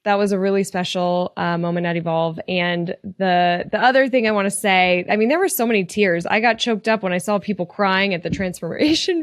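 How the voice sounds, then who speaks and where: A woman's voice: mid-range voice, brisk, hardly any pauses, dry recording. Woman, podcast host, earnest, encouraging, heartfelt, dry close sound. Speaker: podcast host and retail coach. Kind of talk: casual motivational podcast talk.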